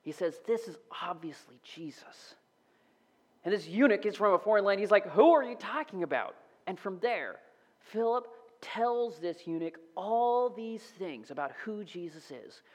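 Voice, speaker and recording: A man giving a casual, animated sermon, sometimes dropping to a whisper. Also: high voice. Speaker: preacher. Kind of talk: conversational sermon.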